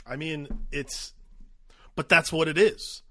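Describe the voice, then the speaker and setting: A man's voice: on the high side, steady tone, slow, a bit bright. A man co-hosting a movie podcast in casual chat, laid-back and agreeable, often laughing along. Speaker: podcast co-host.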